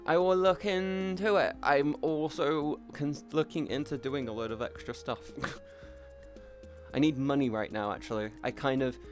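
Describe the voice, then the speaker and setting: A man's voice: fairly high pitch, steady tone, measured pace, faint music behind. A young British man streaming from home, rambling casually and chatting with viewers, now and then swearing. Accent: British English. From Britain. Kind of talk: casual live-stream chat.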